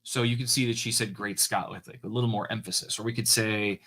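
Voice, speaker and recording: A man's voice: fairly low pitch, steady tone, quick pace, bright, forceful tone, slight background noise. A man walking viewers through his code on a live coding stream, casual and hesitant, with frequent fillers and restarts.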